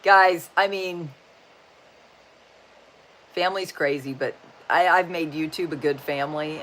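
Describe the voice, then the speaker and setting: Hosting a laid-back livestream, this sixties-aged woman speaks low with a fairly bright tone over slight background noise. Her folksy, talkative style is full of cheesy jokes, upbeat energy, and frequent "just saying"s.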